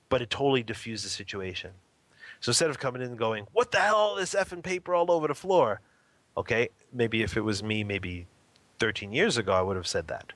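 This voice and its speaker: A fairly low-pitched man, in his thirties, shares a family tale as an interview guest. He's relaxed and lively, often laughing and performing other people's lines. The audio has no echo.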